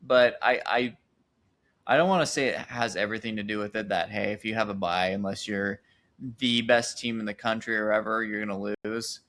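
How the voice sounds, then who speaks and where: A podcast co-host with a fairly low, slightly bright voice chats casually about sports at a moderate pace. His intonation stays fairly even as he thinks aloud, often restarting his sentences.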